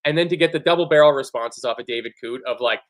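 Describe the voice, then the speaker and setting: A man co-hosting a football fan show in casual chat, animated and sweary, often acting out other people's lines. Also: medium pitch, fast talker. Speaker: football podcast co-host.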